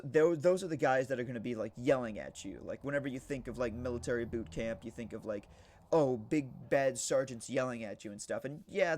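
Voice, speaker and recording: Young guy on stream rambling thru a story, mid-pitch, restarts a lot, gets loud on punchlines. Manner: rambling, animated, shouts quoted punchlines. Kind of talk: casual storytelling while gaming.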